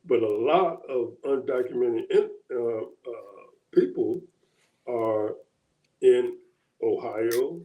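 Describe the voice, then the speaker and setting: A man co-hosting a casual political chat. He thinks aloud in a halting way, with many pauses and restarts. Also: medium pitch, animated, reverberant, narrow, tinny audio. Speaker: co-host.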